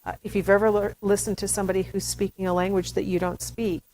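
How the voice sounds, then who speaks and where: A woman's voice: mid-range voice, level tone, fast, a little mellow, a little hiss or hum, poor audio. A woman giving a recorded lecture to students in a chatty style, with playful asides. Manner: acts out baby talk in demonstrations. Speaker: university lecturer.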